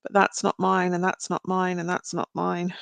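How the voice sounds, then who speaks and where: A woman's voice: fairly low pitch, monotone, moderate pace, creaky, fairly bright tone, no room sound. Lady doing tarot live, chatty, talks right to you, dry mic. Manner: chatty, speaks straight to viewers. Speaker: tarot reader. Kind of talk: live-stream card reading.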